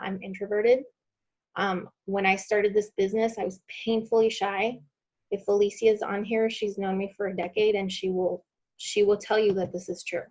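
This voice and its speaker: A woman's voice: mid-range voice, a little mellow, dull audio. A woman leading a sales team training call, talking to her group in an encouraging, conversational way. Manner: encouraging, conversational, direct address. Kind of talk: training call on social media selling.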